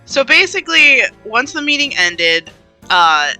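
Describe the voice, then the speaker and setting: Lively, sharp-voiced woman retelling a game. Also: sits high, a little slow, faint music behind, poor audio. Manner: animated storyteller, swears freely. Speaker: podcast co-host and player. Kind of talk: casual podcast chat retelling a tabletop game.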